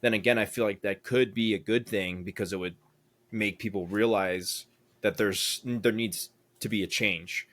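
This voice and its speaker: A man's voice: lowish voice, fairly even intonation, moderate pace, a bit bright. A young American man co-hosting a casual podcast chat, rambling and thinking aloud with lots of fillers. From United States. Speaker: podcast co-host.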